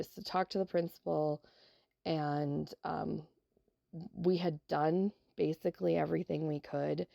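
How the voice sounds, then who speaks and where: A middle-aged teacher from South Dakota, telling a heartfelt classroom story on a podcast. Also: female voice, deep voice, fairly even intonation, moderate pace, gravelly, dark tone, no room sound, clean studio sound. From South Dakota, USA. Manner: heartfelt and emotional, with many fillers. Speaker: elementary teacher.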